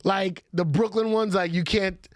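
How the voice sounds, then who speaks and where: High-voiced man hosting a casual chat. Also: unhurried, no room sound, clean studio sound. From New York City. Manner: animated storyteller, tosses in quoted dialogue. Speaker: podcast host.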